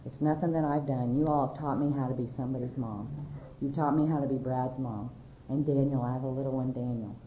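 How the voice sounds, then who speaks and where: A woman with a low voice gives a candid, emotional personal testimony from a podium. She laughs often and her voice jumps high when she gets excited. The sound is echoey and a little dull, as in a large hall. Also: a little fast, slight background noise. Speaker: speaker sharing her story at a recovery convention.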